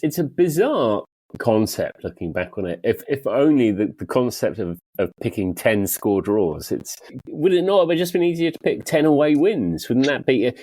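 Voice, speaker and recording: Chatty male host, laughs a lot, animated delivery, dry mic. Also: moderate pace, no echo. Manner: chatty, laughs often, lively rises and drops in pitch. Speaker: podcast host. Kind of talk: casual chat.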